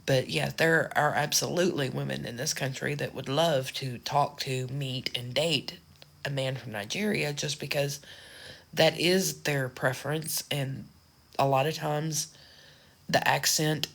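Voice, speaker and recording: A woman's voice: deep voice, gravelly. A woman from the United States talking frankly and ramblingly in a casual vlog. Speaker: social media creator.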